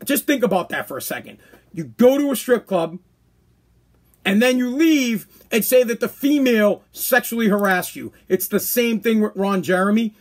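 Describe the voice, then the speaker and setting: A man's voice: high-pitched, animated, normal speed. A man hosting his own podcast, ranting bluntly and crudely, with speech and mock voices. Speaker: podcast host. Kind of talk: ranting commentary.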